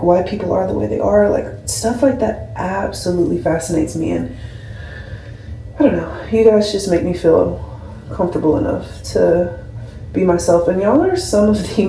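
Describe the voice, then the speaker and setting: A woman's voice: lowish voice, gravelly, warm tone, slight background noise. A woman in her twenties, a nurse, chatting casually to a camera about her week, rambling and heartfelt, with lots of "like". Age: 20s. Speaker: labor and delivery nurse, vlogger. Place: home room, camera on a skincare shelf. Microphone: camera mic at a distance. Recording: roomy, slightly distant camera audio.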